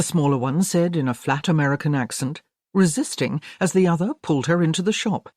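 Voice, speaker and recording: A woman reading a historical romance audiobook in an expressive, measured narration. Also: deep voice, no room sound, clean studio sound. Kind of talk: scripted narration.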